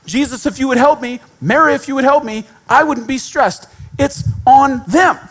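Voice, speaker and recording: A man's voice: very high-pitched, moderate pace, fairly bright tone, voice pushed up, poor audio. A man voicing a frantic, overwhelmed woman who complains and accuses.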